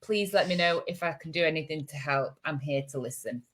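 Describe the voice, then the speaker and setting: A woman's voice: sits low, a little fast, fairly bright tone. A woman co-hosting a casual chat podcast, chatty with lots of fillers, now and then mimicking chirpy voices. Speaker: podcast co-host.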